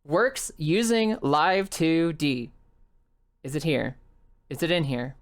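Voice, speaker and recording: A VTuber streamer with a deep, animated voice speaks slowly while playing a game live, chatting with her viewers, laughing often, and swearing freely.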